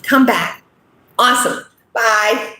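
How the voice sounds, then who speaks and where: A woman's voice: fairly high pitch, lively intonation, slow pace, pushed and bright, echoey room, a little hiss or hum, poor audio. A middle-aged woman hosting a casual talk straight to her viewers, earnest and often checking in with "okay?". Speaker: host. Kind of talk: casual direct-to-camera talk.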